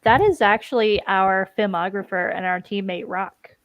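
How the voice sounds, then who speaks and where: A woman's voice: mid-range voice, normal speed, no room sound. A woman guest on a paranormal show, giving short, eager replies. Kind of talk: casual chat.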